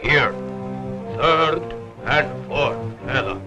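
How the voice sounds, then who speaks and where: A man playing a solemn old tribal chief who speaks broken English slowly and gravely, with music behind. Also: mid-range voice, lively intonation, lo-fi sound. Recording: old 1960s TV soundtrack with music.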